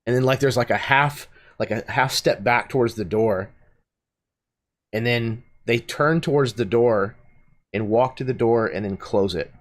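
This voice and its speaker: A man's voice: mid-range voice, measured pace. A man narrating as game master of a tabletop role-playing game, hesitant with fillers.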